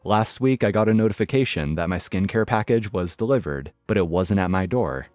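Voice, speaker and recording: A man's voice: low voice, lively intonation, fairly quick, darkish tone, no echo. A man narrating online stories in a wry, matter-of-fact scripted style. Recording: dry studio voice with faint music. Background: faint background music.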